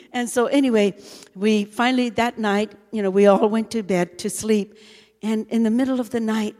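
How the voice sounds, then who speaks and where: A woman's voice: medium pitch, mellow, long reverb tail. A middle-aged woman preacher telling a testimony in an earnest sermon, with frequent fillers. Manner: earnest storytelling with many "you know" fillers.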